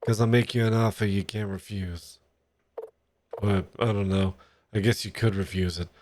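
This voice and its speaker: A man's voice: lowish voice, steady tone, moderate pace, darkish tone, slight background noise, natural voice. A man doing a smug, shady dump dealer. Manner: smug, offhand mobster-style delivery.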